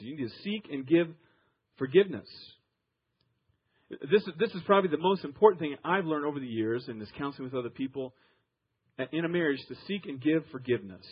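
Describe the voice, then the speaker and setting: A man preaching a sermon, grew up in Iowa, telling stories with emphatic swings from loud to soft. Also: a little high, husky, muffled recording. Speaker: pastor.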